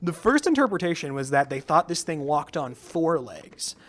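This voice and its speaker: A man's voice: on the high side, very animated, normal speed. A young man hosting a podcast in casual chat, rambling with lots of fillers and frequent laughter. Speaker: podcast host.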